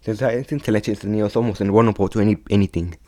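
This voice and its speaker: Halting young man retelling a fan story. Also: fairly low pitch, fairly even intonation, warm tone. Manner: halting, many restarts and repeats.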